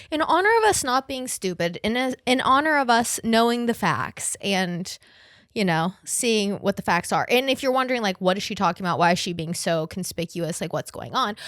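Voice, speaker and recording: A woman's voice: a little high, fairly bright tone, no room sound, studio quality. A woman in her twenties hosting a podcast, chatting casually in a rambling, profane way. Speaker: podcast host.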